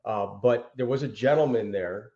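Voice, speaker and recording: A man's voice: lowish voice, moderate pace, warm tone. A man who is a podcast guest, explaining things eagerly, with stumbling restarts. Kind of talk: casual podcast chat. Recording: echoey muffled remote audio.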